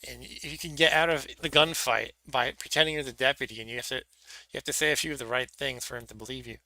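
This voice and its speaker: A man streaming retro games and talking casually over the gameplay. His voice has a gravelly fry and a very bright, hard edge. He jokes at his own expense as he goes. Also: medium pitch, steady tone, quick pace, no echo. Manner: chatty, self-deprecating, laughs at himself.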